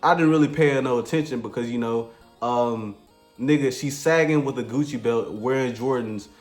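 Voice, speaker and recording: A man's voice: medium pitch, normal speed. A man telling a crude comedic story in a laid-back, slangy, rambling way. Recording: echoey room with faint music.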